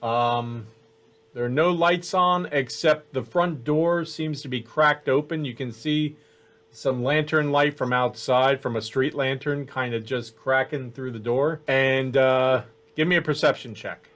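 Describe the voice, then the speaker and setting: A man running a tabletop game as game master, narrating at an unhurried pace with many fillers. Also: mid-range voice, fairly bright tone.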